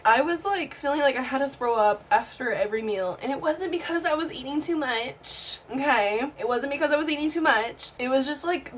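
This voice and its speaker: Chatty young woman, a bit high. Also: slight background noise. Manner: frank, chatty, swears casually, laughs often. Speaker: vlogger. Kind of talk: casual chat to camera.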